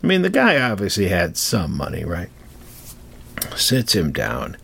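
A middle-aged man telling a story casually, with a gravelly voice and chatty, digressive asides. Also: low-pitched, huge pitch swings, measured pace, sharp tone.

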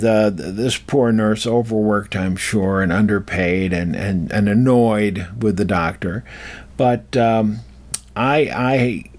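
An older man talking casually and wandering off track, often restarting his sentences as he tells a personal story and gives advice. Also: on the low side. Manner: digressive, self-interrupting storyteller. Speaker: speaker giving life advice. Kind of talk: casual rambling monologue.

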